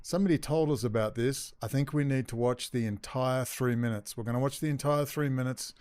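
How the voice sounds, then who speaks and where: A man's voice: mid-range voice, a little fast, a little mellow, clean tone, dry recording. A man hosting a commentary channel, ranting sarcastically over news clips and swearing often. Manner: sarcastic, swearing, mock-frightened asides.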